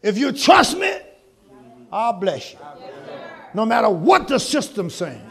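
A man preaching a sermon, calling to the congregation for answers and climbing into shouts. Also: high voice, sing-song, a little slow. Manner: call-and-response preaching, rising to shouts.

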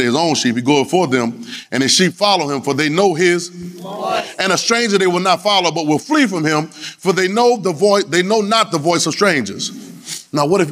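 High-voiced Louisiana preacher. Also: male voice, fairly bright tone. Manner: call-and-response preaching, playful and rhythmic. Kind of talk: sermon. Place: church sanctuary.

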